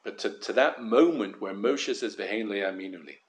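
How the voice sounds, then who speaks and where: A man giving a Torah lesson, careful and measured, stressing key words and often repeating himself as he weighs a point. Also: lowish voice. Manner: careful, measured, with frequent word repetitions. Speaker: Torah teacher. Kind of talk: Torah lesson on the weekly portion.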